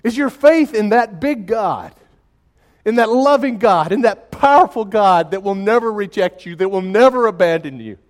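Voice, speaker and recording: A man delivering a sermon in a somewhat high voice. He talks in a folksy, conversational way, full of restarts. His storytelling swings from hushed and slow to loud and excited. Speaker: pastor.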